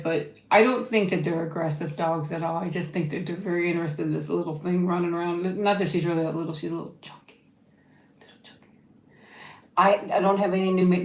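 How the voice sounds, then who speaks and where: A woman's voice: lowish voice, roomy sound, rough recording. A woman hosting a casual livestream from home, rambling chattily and coaxing her dog in a sing-song voice. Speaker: YouTube channel host.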